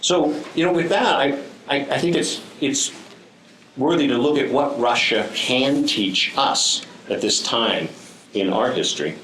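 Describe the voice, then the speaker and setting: A man's voice: medium pitch, measured pace, a bit bright, echoey room, slight background noise, rough recording. A man giving a prepared speech to a live audience, telling stories with dry, wry humor and frequent ums. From United States. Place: room with an audience.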